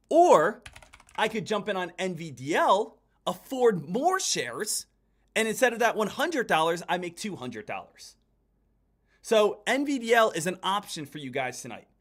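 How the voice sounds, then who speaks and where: An adult man with a high-pitched, somewhat bright voice hosts a live day-trading stream. His commentary is urgent and repetitive, and he keeps calling his viewers "guys."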